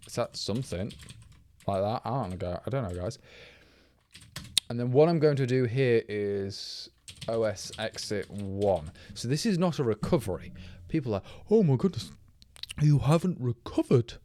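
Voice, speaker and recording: A slightly low-pitched man talks through live coding and rambles as he works. He is a little tipsy from drinking and keeps stopping to correct himself mid-sentence. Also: expressive, moderate pace, long pauses, warm tone. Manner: rambling, thinking aloud, self-correcting. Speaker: programmer streaming live.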